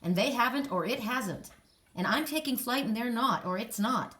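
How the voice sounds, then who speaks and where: A woman giving a casual spiritual card reading, talking straight to the listener in a rambling way, with restarts and soft sighs. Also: on the high side, animated, normal speed. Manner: emotional, soft and sighing in places. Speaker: psychic card reader.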